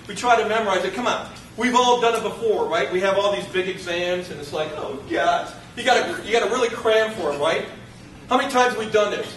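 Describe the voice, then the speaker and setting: A man teaching a college class in a lively, joking lecture, acting out what his students say. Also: sits high, reverberant, recorded from a distance, slight background noise, poor audio. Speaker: college instructor.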